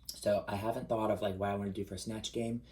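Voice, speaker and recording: A man in a casual, confessional vlog monologue, chatty and expressive, with sudden rises in pitch for emphasis. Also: fast, a little hiss or hum, rough recording. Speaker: vlogger.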